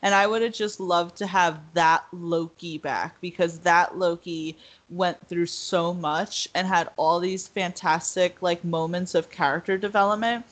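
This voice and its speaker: A woman's voice: fairly low pitch, steady tone, unhurried, hardly any pauses. A woman hosting a casual podcast, talking chattily and laughing often. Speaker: podcast host. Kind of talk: casual chat.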